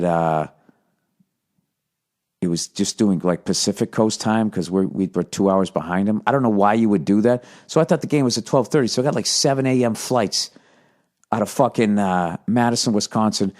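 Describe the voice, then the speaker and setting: A man in his forties rambles through road stories as a podcast host. He swears constantly and talks in a casual, loose monologue. His voice sits on the low side. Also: a little mellow. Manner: profane, rambling storyteller.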